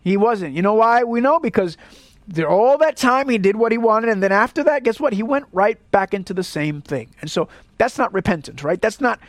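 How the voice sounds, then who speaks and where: A man's voice: sits high, lively intonation, fairly quick, dry recording. A male pastor from Puerto Rico preaching a sermon in an earnest, rhetorical way, often checking in with "right?".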